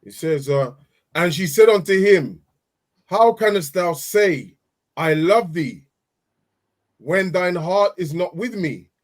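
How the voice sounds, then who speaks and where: A man reading scripture aloud slowly and deliberately. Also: high voice, lively intonation. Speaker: scripture reader.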